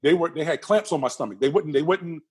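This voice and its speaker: An expressive middle-aged man, husky and slightly high in pitch, speaks at a rapid clip while guesting in a casual interview. His animated storytelling is vivid, with phrases repeated for emphasis and the people in each tale acted out.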